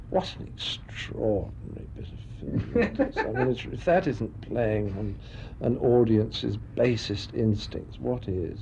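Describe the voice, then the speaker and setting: Gravelly, wry Englishman telling stories. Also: medium pitch, lively intonation, a little slow, warm tone. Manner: dry, wry storytelling with frequent laughs. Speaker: interview guest. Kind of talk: anecdotal interview chat. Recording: muffled recording with faint noise.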